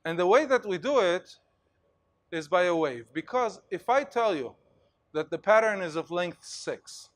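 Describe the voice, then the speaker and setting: Animated male lecturer, high voice. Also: measured pace. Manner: animated storytelling, acts out cheers, many fillers. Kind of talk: university lecture. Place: lecture hall.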